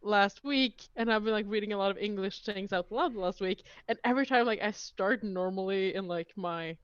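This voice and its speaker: A woman's voice: mid-range voice, moderate pace, clean tone, dry recording. A woman with a Norwegian accent chatting casually, a bit hesitant with fillers. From Norway. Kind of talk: casual group chat. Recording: dull dry sound.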